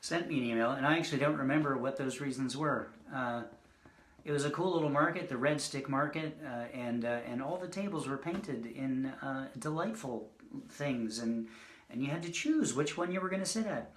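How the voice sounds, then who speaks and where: A man's voice: medium pitch, moderate pace, echoey room. A man giving a casual poetry reading, rambling and joking between poems. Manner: rambling, self-deprecating asides between poems. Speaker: poet reading his work. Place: indoors, online reading.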